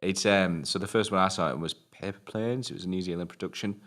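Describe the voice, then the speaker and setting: Low-voiced young British bloke, casual and excitable co-host, drops swear words. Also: male voice, quick pace. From Britain. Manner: sweary, enthusiastic, laughs often. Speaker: film review podcast co-host. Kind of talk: casual chat.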